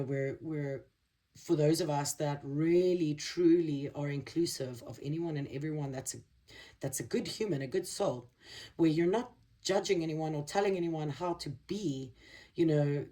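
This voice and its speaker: Woman, tarot reader, low mellow voice, halting and earnest, slightly distant mic. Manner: earnest, halting, searching for words. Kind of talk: spiritual card reading to camera.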